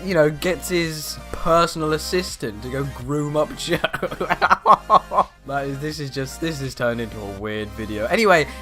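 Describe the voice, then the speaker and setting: A teenage boy tells stories in a loose, rambling way, full of fillers. His voice sits a little high and sounds bright and forceful. Faint music plays softly behind him. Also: a little slow. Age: teens. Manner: rambling, animated, lots of "you know" fillers. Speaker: vlogger. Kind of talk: casual storytelling vlog.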